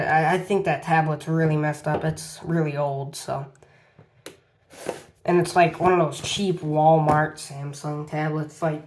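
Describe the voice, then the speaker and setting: A man's voice: fairly high pitch, slight background noise. Man rambling through a gadget review. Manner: rambling, repeats "as you can see". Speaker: tech reviewer. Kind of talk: casual product review vlog.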